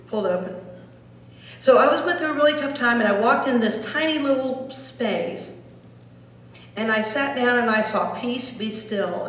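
A middle-aged woman minister giving a storytelling sermon that sinks to a soft hush when she voices prayer phrases. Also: medium pitch. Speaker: Unity minister. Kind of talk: sermon with guided meditation. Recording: echoey hall, voice from far off.

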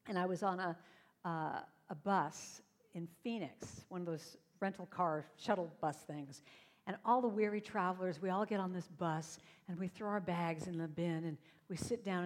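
A woman with a lowish voice delivers an inspirational talk to a live audience, acting out voices as she tells her stories with animation. A long reverb tail follows her words across the stage.

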